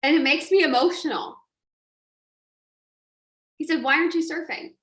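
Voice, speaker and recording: A woman coach telling an animated story on a live stream, acting out quotes and laughing often. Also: high voice, moderate pace, reverberant. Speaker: online business coach.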